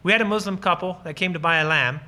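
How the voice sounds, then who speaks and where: A man's voice: sits high, fast talker, sharp tone. A man from Lancaster County, Pennsylvania, giving an earnest, enthusiastic ministry talk with audience questions and personal stories. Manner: acts out short bits of dialogue while explaining. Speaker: guest speaker on ministry.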